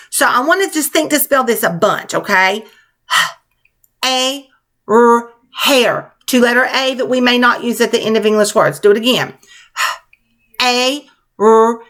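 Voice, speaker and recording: A woman's voice: fairly high pitch, fairly bright tone. Sing-song woman teaching children to spell. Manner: patient, sing-song classroom coaching. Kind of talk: spelling lesson to young children.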